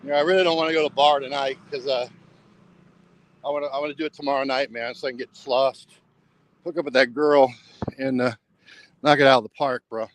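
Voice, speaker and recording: A man's voice: mid-range voice, fairly even intonation, a little fast, long pauses, low-quality recording. A man rambling casually for a travel vlog while walking along a road at night, repeating himself and saying "bro" a lot. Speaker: travel vlogger.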